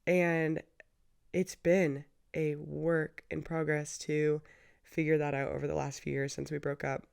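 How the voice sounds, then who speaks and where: Low, gravelly young woman telling her story. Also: flat delivery, a little slow, a little mellow. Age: 20s. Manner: chatty and emotional, lots of "like" and "you know". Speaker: podcast host. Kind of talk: candid personal storytelling.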